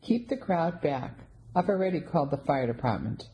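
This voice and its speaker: A calm young man gives brisk orders to keep a crowd back, read by a woman narrator. The voice stays low and mellow. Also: low-quality recording. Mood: commanding. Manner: commanding and brisk.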